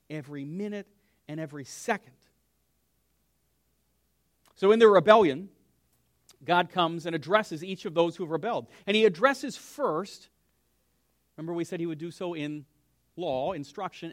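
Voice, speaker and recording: A man's voice: sits high, no room sound, studio quality. A man, a pastor, teaching a conversational Bible lesson, asking his listeners questions and dropping to a whisper for emphasis. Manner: lively, asks the room questions, drops to a whisper for emphasis.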